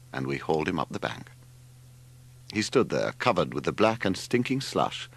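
An older man reading a novel aloud as audiobook narrator, in an expressive storytelling manner. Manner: expressive storytelling, wide swings in pitch. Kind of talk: scripted narration.

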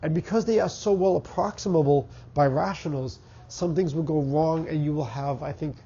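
A man's voice: fairly high pitch, moderate pace, warm tone, slightly rough, highs cut off. A middle-aged man with a Boston accent and a stuffy, congested voice, giving a university math lecture and thinking aloud with fillers and restarts. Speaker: math professor. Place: lecture hall.

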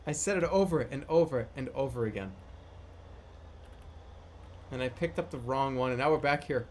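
A man's voice: mid-range voice, moderate pace, slight background noise. A man streaming a game, joking, repeating phrases and laughing often as he plays. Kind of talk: live gameplay commentary.

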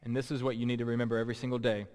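A man's voice: medium pitch, level tone, rapid-fire, a little mellow. A man preaching a sermon as pastor, emphatic and repeating key words for stress. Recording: long reverb.

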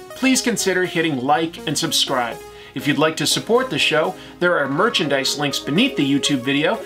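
A man hosting a comics video show, signing off in a relaxed, chatty way and correcting himself now and then. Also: fairly high pitch. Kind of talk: casual video outro and bloopers.

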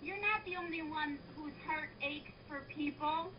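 Very high-voiced, pleading woman. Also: normal speed. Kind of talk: heated argument. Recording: muffled lo-fi with faint noise.

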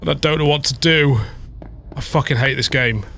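A man's voice: mid-range voice, normal speed, creaky, background noise. A young man playing a horror game on video, panicky, swearing constantly and screaming. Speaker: gaming video host. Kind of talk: horror game let's play commentary. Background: game music.

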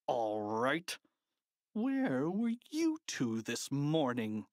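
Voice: mid-range voice, huge pitch swings, takes it slowly, no echo, clean studio sound. An audiobook reader voicing a grumpy middle-aged male school principal who growls and snaps his lines. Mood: angry. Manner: growling, snapping. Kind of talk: audiobook character voice.

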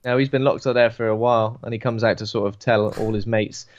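A man's voice: lowish voice, steady tone, fast, highs cut off. A man with a British English accent, co-hosting a podcast and riffing jokily about a film. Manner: jokey, riffing banter. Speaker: podcast co-host. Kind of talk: casual film discussion.

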